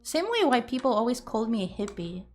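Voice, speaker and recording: A woman's voice: on the high side, big pitch swings, quick pace. A young woman streaming, chatting casually and rambling with giggles and loose swearing. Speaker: streamer and artist.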